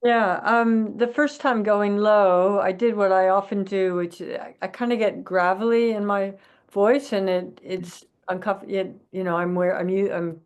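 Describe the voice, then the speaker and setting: A woman taking part in an online workshop, talking in a hesitant, reflective way with halting restarts. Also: medium pitch, steady tone, a little mellow, smooth, highs cut off. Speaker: workshop participant.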